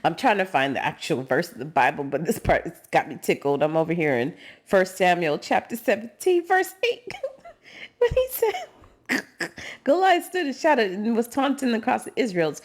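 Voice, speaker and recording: A woman with an African American English accent co-hosting a podcast, chatting and reading scripture aloud in a lively, laughing way. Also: lowish voice, brisk. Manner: animated, laughs often, acts out quotes. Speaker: podcast co-host.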